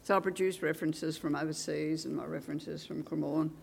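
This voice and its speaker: An older woman with an Australian accent, a retired teacher, recounting her career with lively acted-out dialogue and wry asides. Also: deep voice, brisk, vocal fry, a little hiss or hum. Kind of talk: oral history reminiscence.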